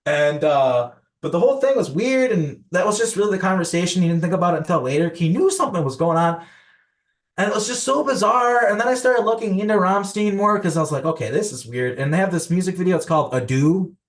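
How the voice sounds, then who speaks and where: Young male podcast guest, rambling storyteller, slightly higher pitch, loose casual delivery. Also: expressive, quick pace. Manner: rambling, filler-heavy, many restarts.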